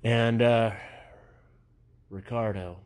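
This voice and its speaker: A man's voice: medium pitch, steady tone, drawn-out words. A young man doing a rambling stand-up monologue, meandering and self-mocking, with frequent asides. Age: young adult. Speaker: stand-up comedian.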